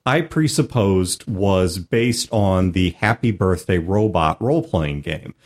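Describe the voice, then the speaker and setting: A man hosting a tabletop gaming podcast in a relaxed, rambling chat. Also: deep voice, takes it slowly. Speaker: podcast host.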